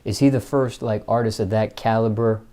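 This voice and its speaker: A man's voice: on the low side, steady tone, fairly quick, warm tone. A man hosting the interview, asking short, direct questions with his voice a bit distant from the mic. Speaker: interview host.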